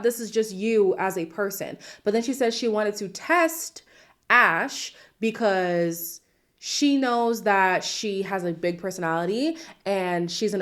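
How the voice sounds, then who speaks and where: A woman hosting a reality TV recap, talking casually with incredulous, sassy asides. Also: mid-range voice.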